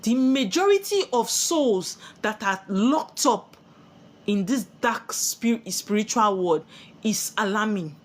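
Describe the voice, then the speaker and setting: A woman's voice: mid-range voice, expressive, slow. A woman with a Nigerian accent giving a spiritual sermon, preachy and full of rhetorical questions she answers herself. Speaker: spiritual teacher.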